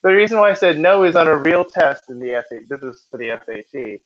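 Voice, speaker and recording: A man's voice: on the high side, lively intonation, fast. Joking male tutor in a dull recording. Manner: chatty, joking with students. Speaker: test-prep tutor. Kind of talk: classroom teaching. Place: classroom.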